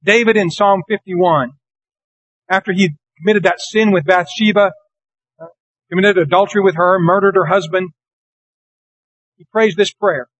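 Guy preaching a sermon, kinda high voice, reads verses slow and earnest, dry close sound. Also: fairly even intonation, fairly bright tone, dry recording, poor audio. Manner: earnest, deliberate, slows for scripture. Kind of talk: sermon with scripture reading.

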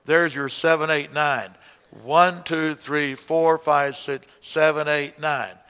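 Man, song-leading teacher, fairly high voice, long hall reverb around him. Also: fairly even intonation, slow pace, bright, forceful tone, clean tone. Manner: explains conducting, breaks into hymn singing. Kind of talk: music lesson with singing.

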